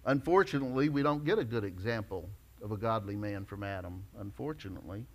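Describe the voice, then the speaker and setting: A male pastor preaching a sermon emphatically, rising to loud declarations and dropping low. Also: expressive, fast.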